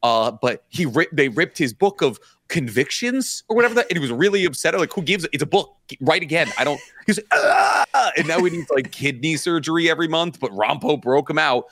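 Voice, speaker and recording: A man co-hosting a casual podcast, telling stories with lively quoted voices and crude jokes. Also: fairly quick, few pauses, no room sound. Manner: animated storytelling, acts out quotes in high voices. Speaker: podcast co-host.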